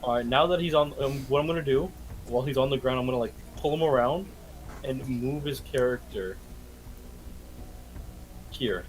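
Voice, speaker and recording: A man's voice: mid-range voice, moderate pace, long pauses, poor audio. A man playing a tabletop game on a livestream, eagerly talking through his moves and dice rolls. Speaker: player.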